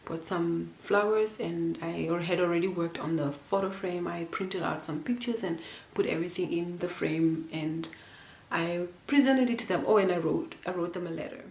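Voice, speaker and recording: A woman's voice: fairly low pitch, moderate pace, creaky, a little mellow, echoey room. A young woman from Namibia telling a personal story to camera in a casual, rambling and emotional way, with many fillers and restarts. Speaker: vlogger.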